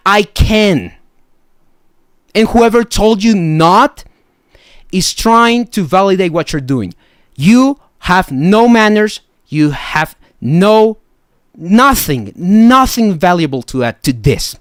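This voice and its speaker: A man's voice: high-pitched, expressive, slow pace, no echo, clean studio sound. A young man live streaming as a beatbox judge, ranting, swearing and mocking people. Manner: mocking, swears, mimics people in silly voices.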